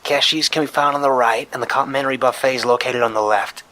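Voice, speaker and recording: A man's voice: mid-range voice, fairly even intonation, sharp tone, pitched above the performer's own voice. A man voicing a female announcer with a heavy Boston accent, heard over a transistor radio. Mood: announcing. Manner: brisk, announcing.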